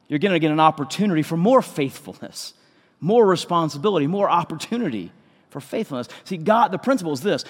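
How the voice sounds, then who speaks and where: A pastor delivers a sermon in a fairly high male voice, earnest and conversational, doubling back on words as he builds each point. His voice rings out with a long reverb, as if filling a big church sanctuary. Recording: long reverb of a large hall.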